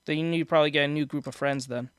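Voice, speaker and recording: Racing along in a fairly high, steady-toned voice, a male streamer reacts to viewer comments over background noise. His casual chat rambles, with restarted sentences and laughter at his own jokes, picked up by a desk microphone.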